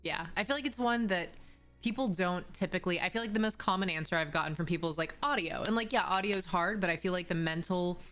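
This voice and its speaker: A woman hosting a podcast, chatting in a relaxed, sympathetic way with casual swearing. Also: lowish voice, fast. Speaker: podcast host. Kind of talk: casual interview chat.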